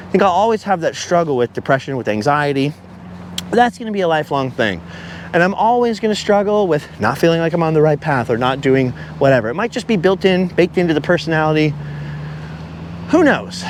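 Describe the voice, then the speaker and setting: A man's voice: fairly high pitch, lively intonation, a little fast, noisy background. A man vlogging as he walks along a beach outdoors, talking at length and wandering off topic as he goes. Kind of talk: rambling walk-and-talk monologue.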